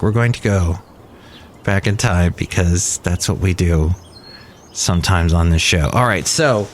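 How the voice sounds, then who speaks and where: A man's voice: fairly low pitch, slight background noise. A man in his fifties hosting a casual podcast from a cafe, rambling and self-deprecating, thinking aloud as he goes. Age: 50s. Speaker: podcast host. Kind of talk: casual nostalgic podcast chat.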